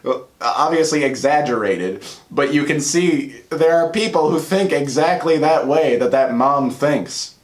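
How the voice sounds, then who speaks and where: A man talking casually to camera about comedy sketches he loves, earnest and rambling, going soft and quiet in emotional moments. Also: on the high side, measured pace. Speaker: YouTuber. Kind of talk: casual commentary vlog.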